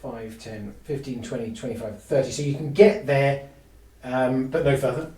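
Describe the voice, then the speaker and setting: A man running a live tabletop game as game master, narrating in halting bursts with lots of fillers and restarts. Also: medium pitch, steady tone, warm tone, echoey room, distant mic.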